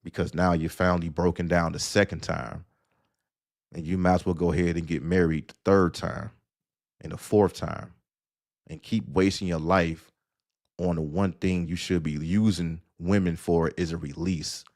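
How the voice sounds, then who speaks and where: Man, low-pitched, sarcastic, blunt lecturing rant, live-stream host. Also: fairly even intonation, moderate pace, vocal fry, darkish tone. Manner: blunt, addresses listener directly. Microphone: audio-only stream mic.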